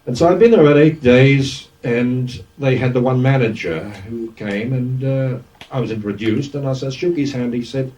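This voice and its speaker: A man in his sixties with an Australian accent, a former radio DJ telling lively anecdotes in an interview, often acting out what others said. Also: mid-range voice, moderate pace. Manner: lively raconteur, acts out quoted speech. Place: event venue. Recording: dull, distant lo-fi recording.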